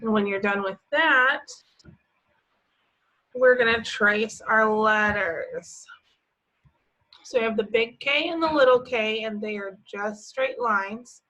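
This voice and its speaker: Preschool teacher lady, talks real slow and gentle, bright voice, keeps asking the kids stuff. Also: fairly high pitch, muffled recording. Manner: gentle, encouraging, asks children questions then answers. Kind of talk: slow, patient teaching to young children.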